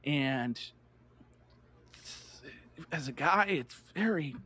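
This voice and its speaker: Animated high-voiced man telling a story. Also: drawn-out words, husky. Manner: animated, fillers of "like", acts out voices. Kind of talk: casual storytelling chat.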